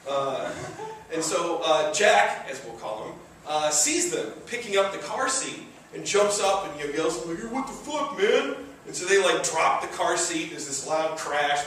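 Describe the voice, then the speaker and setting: A man's voice: on the high side, fairly bright tone, slight background noise. Chuckling man telling a story in an echoey room. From Michigan, USA. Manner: casual, chuckling, many fillers. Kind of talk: live comedic storytelling. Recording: very echoey room, distant mic.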